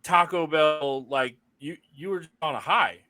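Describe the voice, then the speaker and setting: A man's voice: on the high side, unhurried. A man co-hosting a podcast in casual chat, teasing his co-host with lots of swearing and dry sarcasm.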